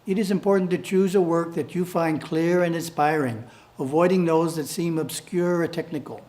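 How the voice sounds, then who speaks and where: A man reading his editorial aloud as calm, measured spiritual instruction. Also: fairly high pitch.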